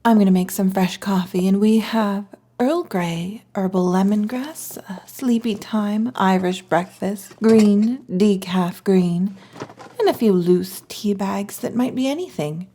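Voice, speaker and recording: A young woman voicing a protective, teasing kitsune librarian in a whispered role-play, chatty and playful with soft whispered asides. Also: medium pitch, unhurried, a little hiss or hum, close to an everyday voice. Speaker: ASMR roleplay performer.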